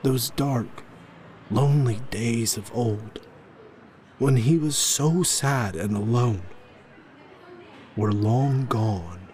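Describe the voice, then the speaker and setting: A man narrating a scripted horror story in a slow, measured way. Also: medium pitch, darkish tone, low-quality recording.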